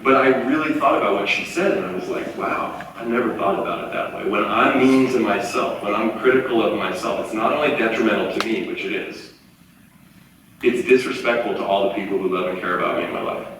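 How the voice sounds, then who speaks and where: A man in his forties giving a live motivational talk, telling stories in an animated way and acting out the voices of the people he quotes. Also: fairly low pitch, brisk, a little hiss or hum. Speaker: motivational speaker. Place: large auditorium. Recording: echoey hall from far off, faint ambience.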